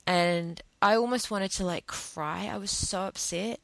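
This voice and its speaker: Woman, vlog storyteller, emotional and halting, slight vocal fry. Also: mid-range voice, a bit bright, dry recording. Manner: emotional, hesitant, many restarts. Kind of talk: personal storytime monologue.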